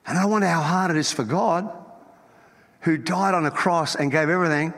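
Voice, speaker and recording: A man's voice: fairly high pitch, fairly quick, a bit bright. A male pastor preaching a sermon in a church, emphatic and teasing, often repeating his words as he starts a thought. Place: church auditorium. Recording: long reverb from a large hall.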